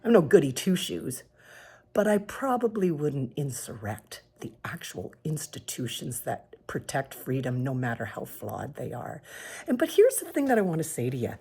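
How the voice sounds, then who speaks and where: Woman from Canada, deep and very breathy, earnest pained vlog monologue. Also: huge pitch swings, moderate pace, dark tone. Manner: earnest and pained, at times dropping to a whisper. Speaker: vlogger sharing her views. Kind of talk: emotional personal monologue.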